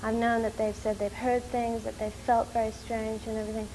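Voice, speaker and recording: A woman from New York telling a story in an interview, animated and rushing, with many fillers. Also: on the high side, slight background noise, rough recording. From New York, USA. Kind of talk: casual storytelling.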